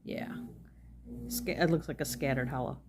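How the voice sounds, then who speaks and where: A woman's voice: extremely low pitch, steady tone, normal speed, over music. A woman chatting casually as she reviews nail polish, rambling with frequent ums.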